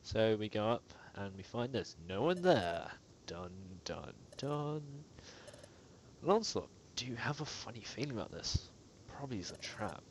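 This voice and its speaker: A man's voice: lowish voice, sing-song, fairly quick, slight background noise, low-quality recording. Man casually commentating a game. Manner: reads in-game dialogue aloud, jokey. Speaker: let's play host.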